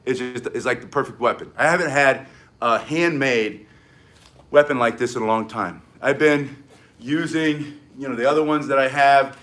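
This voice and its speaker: An older American man with an excitable, energetic manner, teaching self-defense in a live-streamed martial arts lesson and barking short emphatic commands. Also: mid-range voice, normal speed. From United States. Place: home in South Florida.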